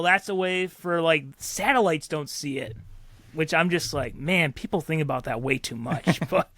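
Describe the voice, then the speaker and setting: A man's voice: sits high, fairly bright tone, no room sound, studio quality. A man co-hosting a podcast, talking casually and rambling with fillers and restarts. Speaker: podcast co-host. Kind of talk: casual chat.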